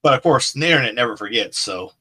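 Bright-voiced man ranting casually. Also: medium pitch, lively intonation, quick pace, slightly rough, rough recording. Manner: rambling, profane, ranting. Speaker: podcast co-host. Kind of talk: casual chat.

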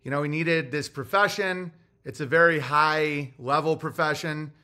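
A man's voice: fairly high pitch, steady tone, normal speed, pushed and bright. A man hosting a podcast, ranting in a casual, profane monologue as he tells a heated story. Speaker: podcast host.

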